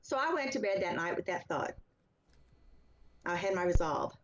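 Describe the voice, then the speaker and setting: A woman guest giving an earnest, steady personal account in an interview. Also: fairly low pitch, normal speed, slight background noise. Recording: slightly dull, lo-fi sound.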